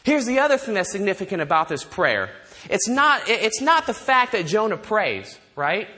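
A man preaching a sermon, animated, asking his listeners rhetorical questions. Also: sits high, moderate pace. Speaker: pastor.

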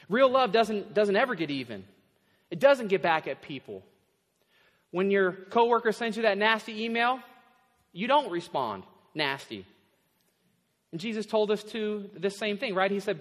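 A man with a high voice delivers a sermon as pastor in a church. He talks in a relaxed, conversational way and laughs often while he preaches. His voice rings out with a long reverb from the hall. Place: church sanctuary.

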